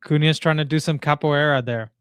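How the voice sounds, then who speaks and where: A young man hosting a live football watchalong, talking excitably to chat in slangy casual speech. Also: fairly high pitch, fairly quick, clean tone, dry recording, studio quality. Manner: excitable, slangy, frequent "bro" and "dude". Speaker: watchalong host.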